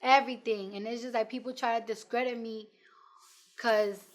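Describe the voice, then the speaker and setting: Brief: twenties New York woman rapper, slightly high voice, blunt and profane, animated storyteller. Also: moderate pace. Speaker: rapper, interview guest. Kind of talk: casual interview chat.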